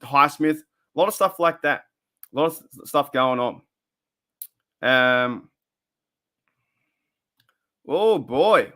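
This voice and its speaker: A man's voice: medium pitch, lively intonation, slow pace, pauses often, pushed and bright. A young Australian man hosting a casual live stream, rambling and repeating himself as he reads the chat.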